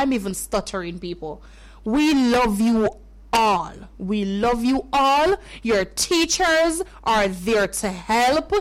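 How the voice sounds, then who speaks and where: A Jamaican woman hosting a children's radio show from a studio, her voice pitched high and her words unhurried. She talks to the kids with warm, caring repetition. Soft music plays faintly behind her. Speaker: radio host.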